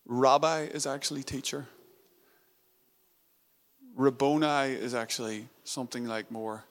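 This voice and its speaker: A male preacher delivers a sermon in an earnest, intimate tone at a middling pitch. He repeats phrases for emphasis and sinks into a near-whispered hush on tender lines. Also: steady tone, unhurried, long pauses.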